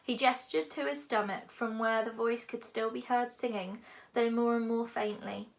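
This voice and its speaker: A woman narrating a children's book aloud with expressive storytelling. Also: on the high side, moderate pace, vocal fry. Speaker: audiobook narrator. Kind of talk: scripted narration.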